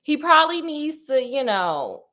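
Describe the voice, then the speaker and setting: Woman doing a flustered male doctor, high pitched, pleading, comic storytelling. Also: sing-song, measured pace, sharp tone, full character voice. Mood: exasperated. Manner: exasperated, pleading. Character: flustered male doctor fussing over a patient.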